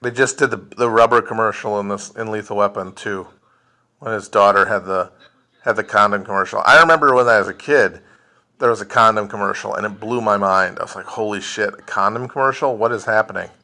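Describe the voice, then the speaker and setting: A man's voice: fairly low pitch, a little fast, pushed and bright. A man hosting a casual livestream chat, answering viewer questions in a blunt, profane, joking way. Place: indoors at home, streaming. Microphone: phone livestream.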